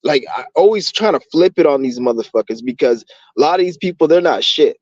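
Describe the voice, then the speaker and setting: A man's voice: a little high, animated, fairly quick, darkish tone, no room sound. A man ranting in a rambling, profane, heated monologue for his channel. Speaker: vlogger. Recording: dull lo-fi dry recording.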